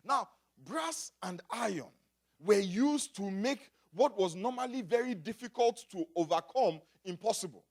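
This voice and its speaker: Lively high-pitched African preacher. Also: male voice, a little slow. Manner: builds from quiet to shouting, call and response. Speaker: pastor. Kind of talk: sermon.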